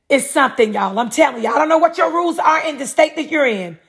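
Talking fairly quickly with lively intonation, a middle-aged woman hosts her own podcast in a high-sitting voice. The North Carolina native preaches in monologue, repeatedly answering rhetorical questions she's just asked.

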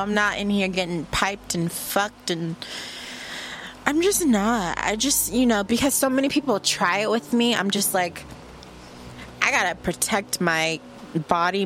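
A woman rants casually from her room, boastful and brash, teasing and cursing as she goes. Her voice sits at an everyday middle pitch. A faint hiss of noise sits under the recording. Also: unhurried, fairly bright tone. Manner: brash, boastful, playful trash talk with bursts of laughter. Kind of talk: casual profane monologue.

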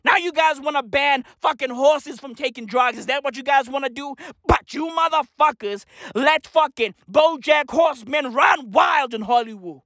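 High, animated comic ranter, shouts then mutters, dry close mic. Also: moderate pace, hardly any pauses, dry recording. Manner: manic, profane, swings between shouting and muttering. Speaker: comedian. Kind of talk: comedic rant.

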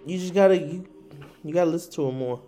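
A man's voice: on the high side, warm tone. Slangy young man arguing his point. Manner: slangy, argumentative, quick to push back. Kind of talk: casual chat.

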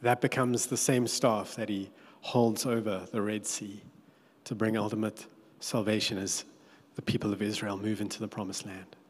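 A man preaching a sermon, telling the story with animated, playful asides. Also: lowish voice, moderate pace, husky. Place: church hall. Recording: echoey church hall.

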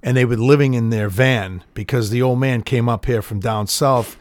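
A middle-aged man chatting casually as a co-host, telling stories haltingly with lots of fillers and swearing. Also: medium pitch, no echo. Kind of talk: casual chat.

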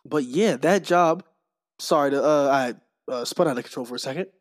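Young male guest, casual storyteller, slightly higher-pitched voice, plays the people in his anecdotes. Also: normal speed. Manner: animated storyteller acting out quoted people. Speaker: podcast guest, streamer.

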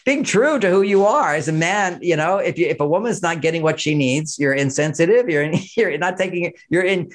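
Fairly high-pitched and expressive, this man talks a little fast with hardly any pauses. He's a married podcast guest offering relationship advice in an emphatic, explanatory way, chuckling often and mentioning his own marriage.

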